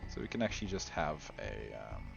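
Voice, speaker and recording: A man giving casual gameplay commentary, chatty and giggly, often trailing off into quiet mutters. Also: rumbling low, sing-song, brisk, gravelly, muffled recording, over loud music. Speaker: game video host.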